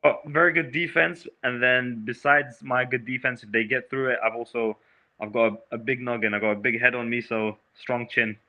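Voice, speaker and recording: A man's voice: medium pitch, steady tone, normal speed, lo-fi sound. A young man, a fighter, answering questions in a casual video-call interview, speaking emphatically and often calling the host bro. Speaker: MMA fighter.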